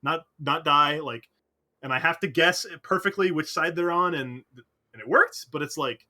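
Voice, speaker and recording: A man's voice: fairly high pitch, expressive, normal speed, sharp tone. A man, an esports player, talking animatedly in a post-match interview, rambling with lots of fillers.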